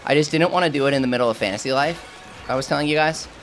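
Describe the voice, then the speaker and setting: A man's voice: fairly high pitch, quick pace, a bit bright, soft background music. A man streaming a game live, chatting casually with his viewers and answering their questions while he has the hiccups. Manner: chatty, self-deprecating, answers chat questions.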